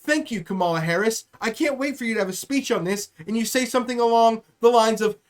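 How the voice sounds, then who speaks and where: A man's voice: extremely high pitch, fast. A male comedian hosting a live-streamed podcast, ranting heatedly and swearing freely.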